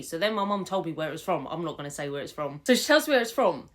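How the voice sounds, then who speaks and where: A woman's voice: low voice, expressive, quick pace. Young woman, chatty storytime, swears and laughs a lot, voice jumps around. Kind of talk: casual storytime vlog. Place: home room with fairy lights.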